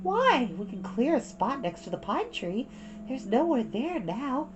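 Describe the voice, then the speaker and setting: A woman's voice: sits high, sing-song, a little slow, lo-fi sound, over music, pitched above the performer's own voice. A woman voicing an eager older schoolgirl who talks in a coaxing way.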